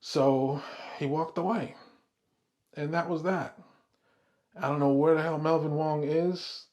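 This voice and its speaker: A man's voice: on the high side, a little mellow. A middle-aged man telling a casual, rambling story on his vlog, swearing freely and laughing along as he goes. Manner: rambling, profane, laughs often. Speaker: vlog host.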